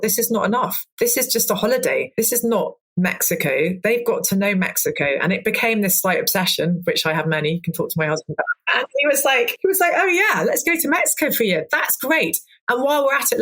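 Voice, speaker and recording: A woman's voice: fairly low pitch, a bit bright. A woman in her forties, a cook, talking candidly in a podcast interview, rambling with restarts and acted-out quotes. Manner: open, rambling, with many restarts and quoted asides. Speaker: guest cook.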